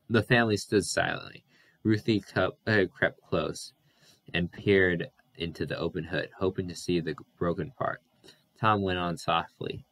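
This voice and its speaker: A man's voice: low-pitched, fairly even intonation, moderate pace, gravelly, fairly bright tone, no echo. A man reading a novel aloud as an audiobook narrator, often stumbling and correcting his words.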